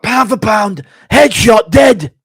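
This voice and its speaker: Streamer imitating a loud bragging champ, high voice, dry sound. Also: male voice, moderate pace, clear, resonant tone, dry recording, natural voice. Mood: boastful. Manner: boastful, shouting. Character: proud male champion boasting and shouting.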